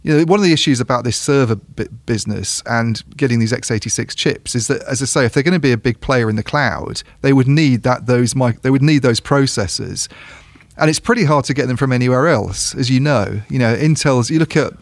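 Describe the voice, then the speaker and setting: A man's voice: mid-range voice, fairly quick, dry recording. A man co-hosting a casual podcast discussion about technology, talking things through with lots of restarts and repeated words. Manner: thinking aloud with frequent restarts and repeated words. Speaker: tech journalist co-host.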